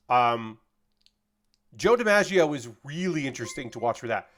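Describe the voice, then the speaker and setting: A man's voice: fairly high pitch, very animated, normal speed, a bit bright. A man chatting casually on a live stream while building LEGO, rambling and swearing freely as he reads out chat messages.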